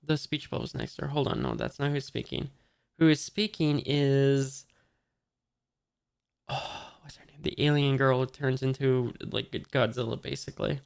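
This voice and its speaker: Moderately paced and lively in intonation, a mid-range voice with vocal fry reads a comic chapter casually. The reader halts often, can't recall the characters' names, and delivers quotes nearly plainly.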